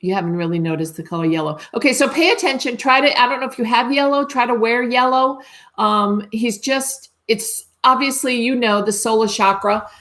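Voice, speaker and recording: A woman's voice: a little high, brisk, fairly bright tone. A woman working as a psychic medium, giving a live reading in a tentative, reassuring way and often checking whether she has things right.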